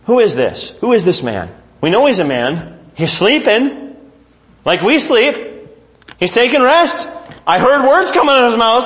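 A man's voice: extremely high pitch, big pitch swings, moderate pace, a bit bright. A man preaching as pastor, reading scripture aloud and putting questions to his congregation. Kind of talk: sermon.

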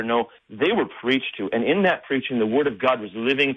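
A pastor teaching a bible study with animated energy, his voice rising into forceful outbursts. The sound is thin and tinny, like a phone line on radio. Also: medium pitch, fairly quick, slightly rough. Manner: animated, builds to emphatic outbursts.

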